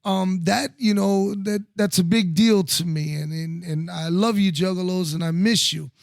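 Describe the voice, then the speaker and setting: A man, a former wrestler co-hosting a podcast, telling stories in animated, profane casual chat with lots of restarts. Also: sits high, normal speed, creaky, dry recording, clean studio sound.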